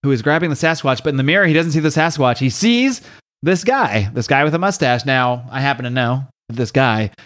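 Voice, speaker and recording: Man, podcast host, casual comic recap, animated, dramatic slow readings. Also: mid-range voice. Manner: animated, reads out quotes with slow dramatic emphasis.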